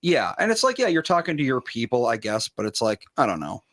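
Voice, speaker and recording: A man's voice: mid-range voice, big pitch swings, brisk, a bit bright, dry recording. Male talk host, wry and conversational, dry booth sound. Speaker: radio show host. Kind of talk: casual chat.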